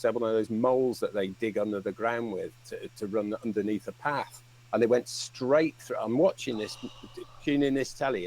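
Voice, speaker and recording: A man's voice: medium pitch, darkish tone, poor audio. Man, casual storytelling on a livestream, rambling and sweary, breaks into laughter, middling voice.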